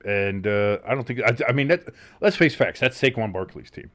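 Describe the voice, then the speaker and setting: A man with a New Jersey accent hosting a casual live watch-along, calling plays with excitement, swearing and joking. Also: fairly low pitch, normal speed. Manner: excited play-by-play with swearing and jokes. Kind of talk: casual live game commentary.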